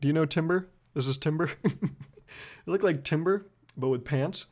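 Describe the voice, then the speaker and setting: A man's voice: on the high side, normal speed, a little mellow. A young man hosting his own podcast, telling a story in a rambling, profane, self-mocking way. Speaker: podcast host. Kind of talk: casual solo podcast monologue.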